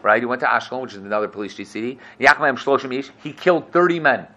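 A man teaching a lively Torah class, acting out quotes and asking "right?" often. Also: medium pitch, fast talker, lo-fi sound. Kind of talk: animated classroom Torah lesson.

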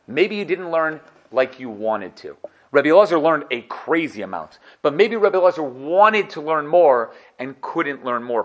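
Man, Talmud class lecture, animated, rhetorical questions, slightly high voice, dull lo-fi sound. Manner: animated, rhetorical questions, repeats key phrases. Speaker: Torah teacher. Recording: dull lo-fi recording.

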